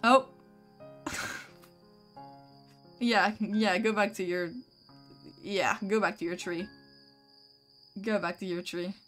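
A woman live-streaming a video game, chatting casually with her viewers in a playful, giggly, self-mocking way and reacting loudly to the screen. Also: mid-range voice, steady tone, slow pace, long pauses, faint music behind. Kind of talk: casual live-stream chat while gaming.

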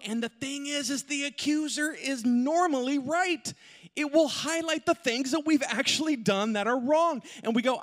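A middle-aged male pastor telling a funny personal story in an animated way, with asides to the congregation. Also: very high voice, normal speed. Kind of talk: sermon with humorous personal story. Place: large church auditorium. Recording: long hall reverb.

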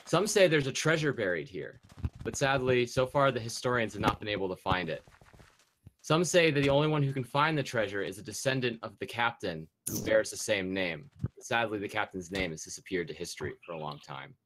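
A young man hosting an online game show, telling a pirate backstory in a slow, hushed way over voice chat. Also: on the low side, lively intonation. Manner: slow, hushed storytelling with trailing ends. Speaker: host of a game show on a server. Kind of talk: storytelling game-show intro. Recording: voice chat with faint noise.

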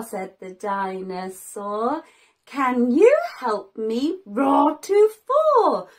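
A young woman teaching toddlers in a sing-song voice, slow and exaggerated, with gasps and playful sound effects. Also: high-pitched, big pitch swings, fairly bright tone. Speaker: children's teacher.

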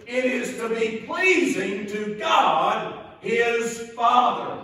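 A Southern US preacher with a strikingly high voice delivers a sermon at a very unhurried pace, leaning on repeated phrases. He sounds distant from the mic, his words ringing through a cavernous church. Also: expressive, pushed and bright. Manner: slow, emphatic, repeats key phrases. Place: church sanctuary. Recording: echoey church from far off.

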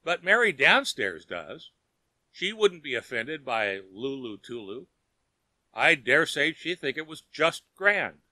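A man's voice: mid-range voice, very animated, takes it slowly, sharp tone, no echo, heavily acted. A man voicing an earnest, eager young woman in an audiobook reading, raising his voice to plead.

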